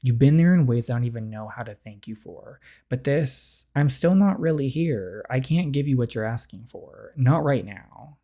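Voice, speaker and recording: A reader voicing a gentle young man apologizing, quiet and halting, reading a story game aloud. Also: mid-range voice, expressive. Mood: apologetic.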